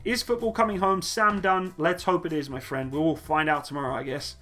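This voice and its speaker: A man's voice: on the high side, fairly even intonation, brisk, bright, forceful tone. A man hosting a casual live Q&A stream, reading chat questions aloud in a jokey, laid-back way and laughing easily. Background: faint upbeat music.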